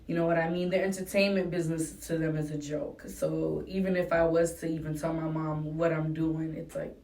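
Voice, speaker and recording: A young adult rapper from New England, with a New England accent, guests on a casual interview, talking fairly quickly and bluntly with lots of swearing. Her low, mellow voice barely moves in pitch, and the mic is roomy and distant.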